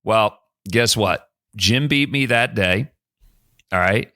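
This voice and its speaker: A man's voice: slow, no room sound, clean studio sound. A man in his fifties from the Philadelphia area, telling stories as a podcast guest and acting out the people he quotes. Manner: animated storyteller who acts out quoted lines with big pitch jumps. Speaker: guest, former college golfer and broadcaster. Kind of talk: casual storytelling in a podcast interview.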